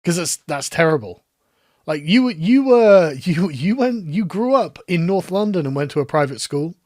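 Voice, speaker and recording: A man's voice: a little high, very animated, normal speed, a little mellow, no echo, clean studio sound. A man giving scoffing, sarcastic commentary on a video clip. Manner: sarcastic, scoffing, laughs at his subject. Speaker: online commentator. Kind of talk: mocking commentary on clips.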